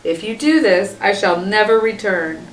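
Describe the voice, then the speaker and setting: A woman's voice: mid-range voice, lively intonation, unhurried, roomy sound, far from the mic, a little hiss or hum, close to an everyday voice, rough recording. A woman reading a storybook aloud, voicing a clever young female hyena who speaks with authority. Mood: commanding. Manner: commanding.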